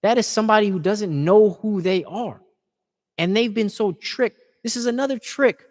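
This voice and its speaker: A man's voice: high-pitched, moderate pace, long reverb tail. A man speaking in an impassioned, informal preaching style, earnest and repeating words as he builds his points.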